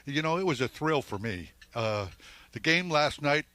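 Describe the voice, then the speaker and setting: A man's voice: on the high side, expressive, moderate pace, bright, forceful tone, dry recording. An older man, a former ballplayer, telling stories in a rambling way with many restarts during a live interview at an outdoor golf event. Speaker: former baseball player, guest.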